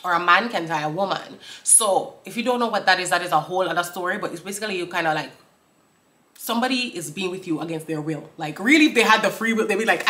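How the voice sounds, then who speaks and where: A woman's voice: on the low side, pushed and bright. Lady breaking down lyrics, laughs a lot, talks right to viewers. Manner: laughs often, reads out lyrics slowly then explains them; talks straight to viewers, asks for comments. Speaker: vlogger breaking down song lyrics. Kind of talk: casual chat.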